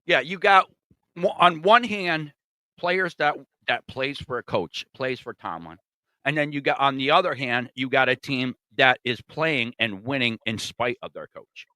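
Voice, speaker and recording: Bright-voiced man on a sports podcast. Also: mid-range voice, unhurried, dry recording. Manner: brief agreeing backchannels, adds betting stats. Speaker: podcast co-host. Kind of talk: casual sports betting chat.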